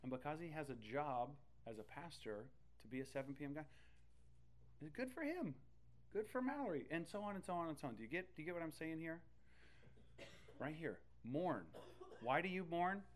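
A man preaching a sermon in an animated, conversational way, with loud bursts and playful asides. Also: fairly high pitch, normal speed. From Texas. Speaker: pastor.

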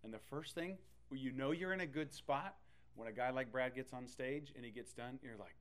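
A man preaching a sermon in an animated, conversational way, with loud bursts and playful asides. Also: mid-range voice, brisk, smooth. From Texas. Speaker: pastor.

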